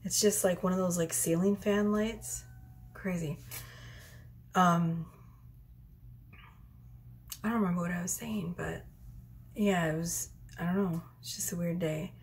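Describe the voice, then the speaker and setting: A woman's voice: on the low side, fairly even intonation, a little slow, pauses often, slight background noise. A woman chatting casually to camera in a rambling, hesitant way, full of fillers. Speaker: tarot reader.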